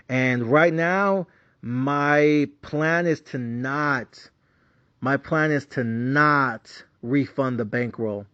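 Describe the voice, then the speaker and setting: A man's voice: mid-range voice, dry recording, highs cut off. Profane, frustrated male sports bettor. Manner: profane, frustrated ranting with many fillers. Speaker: sports betting vlogger. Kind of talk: casual betting picks monologue.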